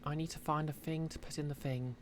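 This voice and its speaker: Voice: mid-range voice, steady tone, fairly quick, slight background noise. A streamer, chatting casually to viewers while playing, rambling with many fillers. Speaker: game streamer.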